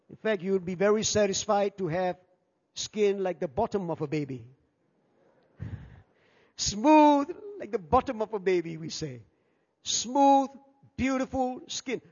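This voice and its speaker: A man preaching a sermon as pastor, animated and acting out the people in his story. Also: high-pitched. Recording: dull sound with long hall reverb.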